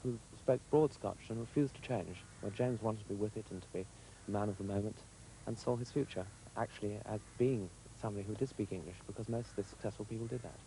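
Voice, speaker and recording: Man, quick brisk answer, low mellow voice. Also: a little hiss or hum, low-quality recording. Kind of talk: interview answer.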